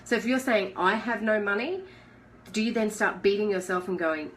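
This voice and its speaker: A woman's voice: medium pitch, normal speed, fairly bright tone, a little hiss or hum, rough recording. A woman giving a casual live coaching talk in a chatty, conversational way, asking the listener questions. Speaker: life coach.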